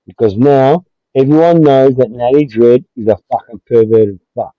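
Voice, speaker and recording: At a moderate pace and medium pitch, a man rants on his livestream, aggressive and heated, repeating himself and swearing again and again. The stream audio is dull, lo-fi, and dry with no room sound.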